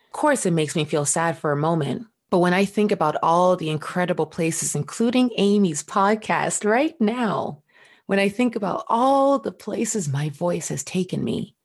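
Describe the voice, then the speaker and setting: A woman guest on a podcast, speaking in an emphatic, coaching motivational style with repeated questions. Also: low voice.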